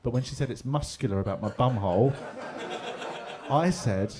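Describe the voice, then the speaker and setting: A man's voice: medium pitch, normal speed, heavy background noise. A middle-aged man with a London accent doing a chatty, laddish stand-up set, swearing freely and laughing along with his own story. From England. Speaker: stand-up comedian. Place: pub comedy room with live audience.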